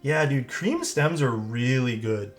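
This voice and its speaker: A Canadian-accented man chats casually on a live stream, fielding viewers' questions about keyboard parts while faint music plays behind him. His voice is medium-pitched and expressive, and he keeps a measured pace.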